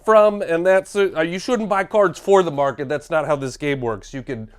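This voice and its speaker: A man hosting a comedic board game unboxing, talking in an animated, jokey way and exclaiming over each component. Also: fairly high pitch, moderate pace, clear, resonant tone.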